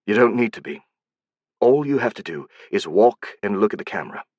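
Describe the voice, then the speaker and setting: A man voicing an intense male film director who is emphatic and pleading, speaking in a soft, hushed way. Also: lowish voice, lively intonation, a little fast, dry recording, muffled recording.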